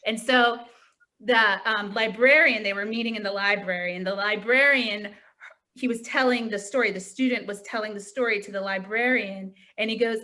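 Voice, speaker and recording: A woman's voice: medium pitch, moderate pace. A woman from Pittsburgh, a tutor trainer, giving a chatty training talk over a video call and telling anecdotes. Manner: chatty, animated storytelling with lots of "like".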